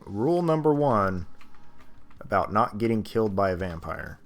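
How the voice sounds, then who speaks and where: A man with a low-pitched voice chats through a gameplay stream. His commentary is casual and jokey, and he laughs often. He speaks into a desk mic at home. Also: sing-song, normal speed. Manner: jokey, chatty, laughs a lot.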